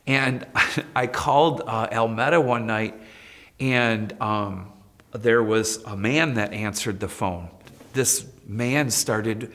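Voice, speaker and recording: A man's voice: medium pitch, slow, big-room sound. A man, a school principal, telling stories with animation and acting out the people he quotes. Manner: lively, acts out quoted voices. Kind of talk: personal storytelling.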